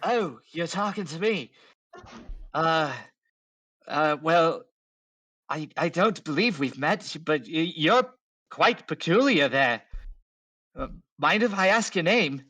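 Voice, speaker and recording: A man's voice: fairly high pitch, expressive, takes it slowly, long pauses, bright, forceful tone, dry recording, heavily acted. A man voicing a polite, curious young man who hesitates as he speaks, in a tabletop game.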